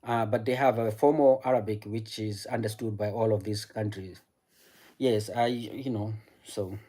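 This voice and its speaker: A man's voice: on the low side, fairly even intonation, moderate pace, dark tone. A man whose first language is French, chatting casually with his live-stream audience, often repeating words and restarting sentences. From French-speaking African country. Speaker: streamer answering chat.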